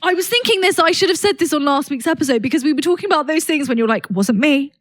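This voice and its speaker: A woman's voice: sits high, very fast, dry recording, clean studio sound. A young woman co-hosting a podcast, telling candid stories in casual chat. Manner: candid, storytelling, calls people babe. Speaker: podcast co-host.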